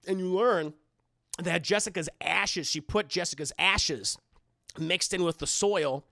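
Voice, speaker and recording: A man's voice: high-pitched, unhurried, creaky, dry recording, studio quality. A man streaming live, recapping a movie in a rambling, casual, profane way and talking to his chat. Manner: rambling, animated storytelling with filler words. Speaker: streamer doing a movie review.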